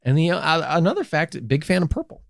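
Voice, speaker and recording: Lively joking male podcast co-host. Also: on the high side, fairly quick, gravelly, no echo, clean studio sound. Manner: joking, swearing, playful bits. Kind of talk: casual chat.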